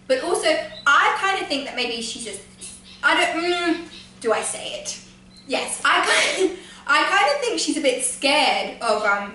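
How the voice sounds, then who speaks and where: A woman giving a rambling, gushing fan review of a TV episode, excited and often laughing. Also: sits high. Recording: echoey room from far off, faint noise.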